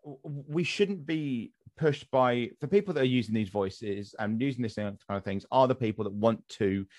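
A man's voice: medium pitch, moderate pace, darkish tone, no room sound, clean studio sound. An English man from West Sussex with a received pronunciation accent, hosting a casual podcast chat, opinionated and swearing freely. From England. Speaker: podcast host.

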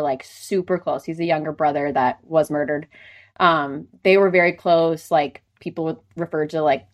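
A woman talks casually as a podcast co-host, running through a story with plenty of filler words. Her voice sits a little low. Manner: chatty, storytelling, many filler "like"s. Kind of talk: casual chat.

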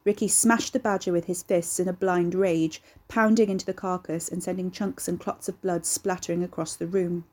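A woman reading an audiobook in a steady, measured way. Her voice is lowish, mellow and a touch husky. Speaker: narrator. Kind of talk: audiobook narration.

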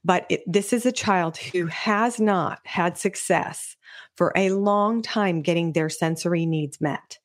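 A woman's voice: on the low side, takes it slowly. A middle-aged woman hosting a podcast, explaining child behavior to parents in an earnest, teaching way, sometimes acting out a parent's or a child's words. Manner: earnest, explanatory, acts out parents' and kids' voices. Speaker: podcast host, children's sensory specialist. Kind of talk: solo podcast talk.

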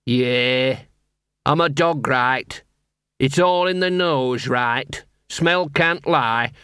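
A man's voice: medium pitch, extremely slow, fairly bright tone, smooth, no echo, studio quality. A male reader voicing a scruffy, cheeky male street dog who talks streetwise slang. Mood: cocky. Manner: streetwise, cocky, working-class slang.

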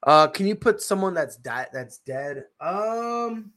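A man co-hosting a podcast in casual chat, excitable, swinging from hushed mutters to loud outbursts. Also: high voice, takes it slowly. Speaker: podcast co-host.

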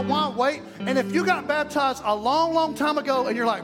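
A man preaching a fervent, folksy sermon in a church, breaking into shouts. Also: extremely high pitch, fairly quick, few pauses. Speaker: pastor. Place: church sanctuary. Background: music.

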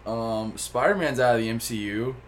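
A man co-hosting a podcast in casual chat, loud and profane, with lots of jokes. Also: mid-range voice, normal speed, a little hiss or hum. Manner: loud, profane, joking banter. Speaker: podcast co-host.

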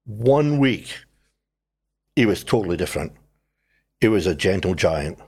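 Older kiwi guy, husky voice, telling his story, does the voices of people in it. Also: low-pitched, unhurried. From New Zealand. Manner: animated storyteller, acts out his own past voice and others. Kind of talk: conversational testimony.

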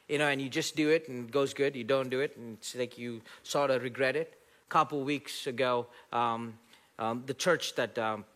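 A man preaching a sermon, animated, laughing at his own stories, rising loud when quoting scripture and dropping soft for asides. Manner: rises loud and high when quoting scripture, drops soft for inner dialogue. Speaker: pastor.

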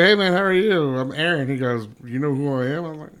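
A man's voice: fairly high pitch, fast talker, hardly any pauses. A man, a regular on a casual podcast, telling stories with lots of swearing and acted-out dialogue. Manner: excitable storyteller, swears freely, acts out dialogue. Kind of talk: casual chat.

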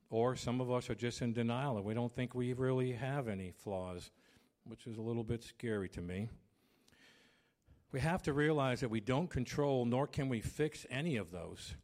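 This pastor, a man in his fifties, has a fairly low-pitched voice. Loud by habit, he preaches a sermon and acts out family arguments with animated storytelling.

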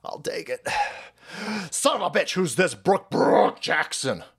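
A man's voice: high voice, very animated, creaky, a bit bright, breathy edge. Profane, sarcastic male streamer. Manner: mocks people by putting on quick voices. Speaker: livestream host. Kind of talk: ranting livestream commentary.

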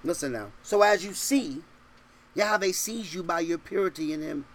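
A male pastor preaching a sermon, reading scripture loudly and dropping to low asides, full of repeated questions to the congregation. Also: moderate pace.

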